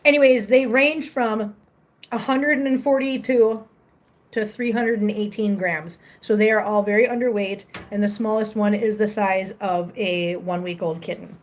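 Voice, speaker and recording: On a live stream from her cat-filled home, a woman who rescues cats chats casually in a steady tone at a moderate pace, rambling a bit and restarting sentences. For the cats, she switches into a high, cooing baby voice.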